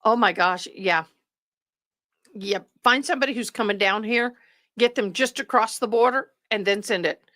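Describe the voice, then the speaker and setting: A woman chats loosely with her livestream viewers, wandering from one aside to the next. She sounds tired, and her voice sits at a middle pitch. The sound is dry and close, with no room echo. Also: normal speed. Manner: chatty, rambling, warm toward viewers. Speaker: livestream host. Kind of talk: casual chat with live viewers.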